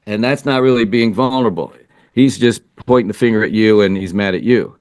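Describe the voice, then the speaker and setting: A man's voice: lowish voice, fairly quick, darkish tone, no room sound, clean studio sound. A man who is a relationship coach for men, answering interview questions in an earnest, reflective way as he thinks aloud. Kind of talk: interview answers, casual advice.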